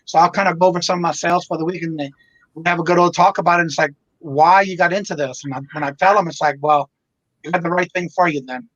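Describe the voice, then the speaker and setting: Laid-back guy from louisiana, kinda high voice, rambling chat, muffled dry audio. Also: steady tone, fast talker, fairly bright tone, no echo. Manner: easygoing, rambling, repeats words as he talks. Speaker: reseller and show host. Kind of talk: casual livestream chat.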